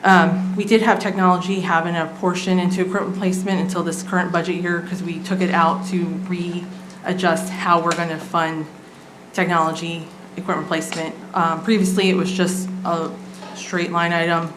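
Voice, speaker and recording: A woman's voice: fairly low pitch, little pitch movement, moderate pace. A woman, a city staff member presenting a budget item at a council meeting in a casual way with many filler ums. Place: council chamber. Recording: echoey chamber, background noise.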